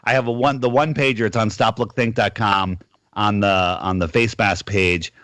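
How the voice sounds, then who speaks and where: A man's voice: lowish voice, steady tone, moderate pace, fairly bright tone, no echo. A middle-aged man on a casual call-in radio show, telling a rambling story and acting out the lines of the people in it.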